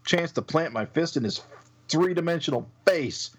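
A man's voice: on the high side, lively intonation, normal speed, background noise, pitched above the performer's own voice, lightly acted. Man voicing a hot-headed male energy-being hero, brash, combative, itching for a fight.

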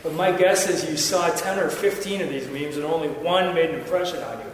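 Speaking a bit fast in a slightly high voice, this male pastor preaches emphatically and repeats himself, breaking off for joking, self-mocking remarks to his congregation. The sound comes from far away in a reverberant church hall, with a little noise underneath.

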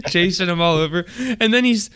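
A man's voice: sits high, a bit bright, no room sound, studio quality. A man hosting a podcast in crude, profane casual chat, often laughing mid-sentence. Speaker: podcast host.

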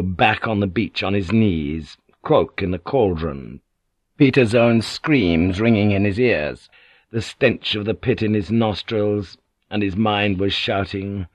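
A man narrates a novel at an even, measured pace. His voice is low and steady. The recording is dry and close, with no room sound. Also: no room sound. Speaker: audiobook narrator.

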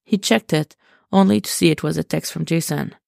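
A woman reading a podfic in steady, wry narration. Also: low-pitched, fairly quick, creaky, dry recording, studio quality. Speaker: podfic reader. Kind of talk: storybook narration.

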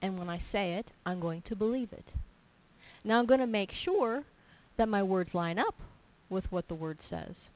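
A woman preaching in a relaxed, homey way, telling personal stories and repeating her points for emphasis. Her voice sits at a middle pitch. She acts out little exchanges as she talks. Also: moderate pace, rough recording. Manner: animated storytelling, acting out little dialogues in her own voice; emphatic and repetitive. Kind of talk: informal sermon with personal stories.

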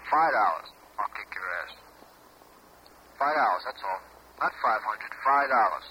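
A man's voice: fairly low pitch, lively intonation, a little slow, pushed and bright. A man prank-calling a bar, taunting and talking tough. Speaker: prank caller. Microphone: telephone. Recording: noisy old phone line.

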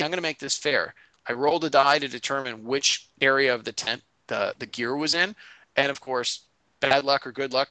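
Bright-voiced game master telling a story. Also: male voice, medium pitch, no echo, rough recording. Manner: animated retelling, quotes players in quick voices. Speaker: game master recounting a session. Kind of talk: casual storytelling recap.

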